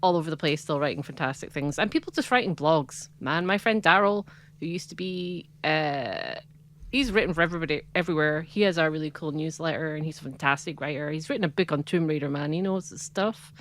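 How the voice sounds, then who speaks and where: A woman with a notably low voice co-hosts a podcast in relaxed chat. She talks in an animated way and laughs often. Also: brisk. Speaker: podcast co-host. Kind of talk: casual chat.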